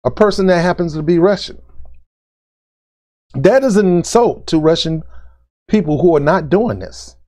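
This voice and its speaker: A man's voice: a little high, animated, normal speed, pauses often, darkish tone. A man ranting as a political commentary vlogger, blunt and exasperated, repeating his points in casual, informal speech. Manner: informal speech with "ain't" and "dude". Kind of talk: opinion rant to camera.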